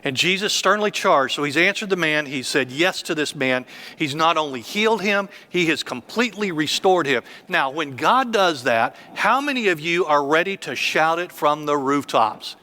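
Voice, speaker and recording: A man's voice: a little high, lively intonation, normal speed, pushed and bright. A man in his fifties, a church elder preaching a sermon with emphatic, repetitive phrasing.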